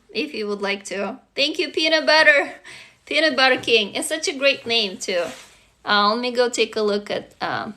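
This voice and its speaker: A woman's voice: high voice, bright, forceful tone. A woman hosting a casual self-help livestream, talking earnestly and emotionally straight to her viewers, now and then swearing. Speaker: livestream host. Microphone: phone.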